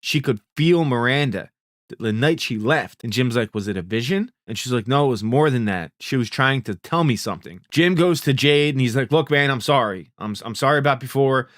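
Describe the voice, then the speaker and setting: Relaxed man recapping a show, dry sound. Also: medium pitch, brisk, dry recording. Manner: laid-back, profane, paraphrases characters' lines in plain retelling. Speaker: TV recap host. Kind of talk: casual spoken recap.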